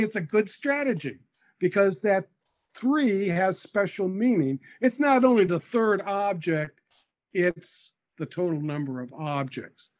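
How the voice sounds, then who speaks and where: A man being interviewed as an education expert, explaining methodically and patiently with small hesitations. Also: high-pitched.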